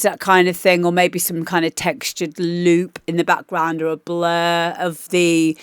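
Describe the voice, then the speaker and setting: A woman's voice: on the low side, clean tone, no room sound, clean studio sound. A woman DJ hosting a livestream, chatting casually and rambling with lots of fillers as she gives feedback on demos. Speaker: DJ and livestream host.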